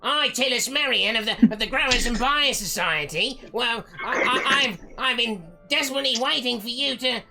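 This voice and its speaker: A man's voice: moderate pace, creaky, hardly any pauses, over loud music. A man voicing a pompous, anxious male halfling official who stammers and puffs himself up. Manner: stammering, self-important, high-pitched.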